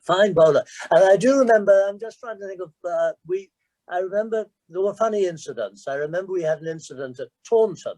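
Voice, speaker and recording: A man's voice: fairly quick, darkish tone, no echo, poor audio. A former cricket captain in his sixties, guest of an online Q&A, telling self-deprecating anecdotes in a chatty, storytelling manner over a video call. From England. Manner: self-deprecating, chatty, jumps in pitch when quoting others.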